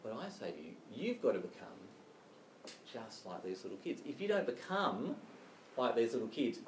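A stern, commanding teacher speaks, as a preacher puts him on, firm and measured. His pitch still rises and falls widely. The sound is roomy, from a mic placed well back. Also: sing-song, recorded from a distance, a little hiss or hum, lightly acted. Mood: solemn.

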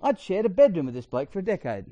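A middle-aged Australian man preaching a sermon in a chatty, storytelling way with quick asides. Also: high-pitched, sing-song, warm tone, muffled recording.

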